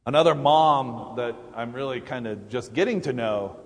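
Middle-aged man, church sermon, halting restarts, average pitch, long reverb of a church hall. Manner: halting, many restarts and fillers, warm laughs. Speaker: church speaker. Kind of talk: Mother's Day sermon. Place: church sanctuary.

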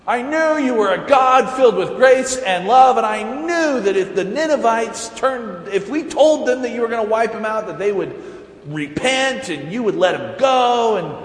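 A man voicing a resentful, sulking prophet who shouts in indignant outrage. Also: extremely high pitch, expressive, moderate pace, voice pushed up. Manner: loud, indignant outburst. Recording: echoey sanctuary with long reverb.

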